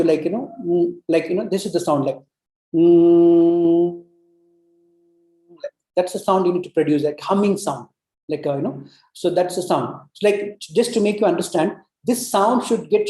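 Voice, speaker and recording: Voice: mid-range voice, mellow. A breathwork instructor, leading a guided breathing lesson, coaxing the group with repeated cues and many "you know" fillers, and demonstrating long humming sounds. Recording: roomy echo.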